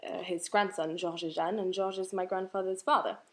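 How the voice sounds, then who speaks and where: A young woman raised in France, a guest on a radio interview, talking casually with many pauses and fillers. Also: lowish voice, fairly even intonation. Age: young adult. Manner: hesitant, many fillers, laughs often. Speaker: actress guest.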